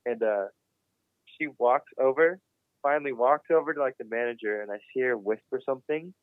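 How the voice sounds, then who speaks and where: A young man, a guest on a podcast, telling a story in casual, animated talk and swearing constantly. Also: mid-range voice, brisk, no echo. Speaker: podcast guest, BMX rider. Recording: dry, phone-like narrow sound.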